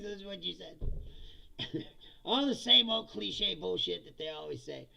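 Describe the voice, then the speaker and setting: On a live comedy stream about politics, the host reads the chat aloud, ridicules commenters with crude jokes and laughs often. He speaks at a moderate pace in a high, sharp voice with lively intonation and vocal fry, captured in dull lo-fi audio.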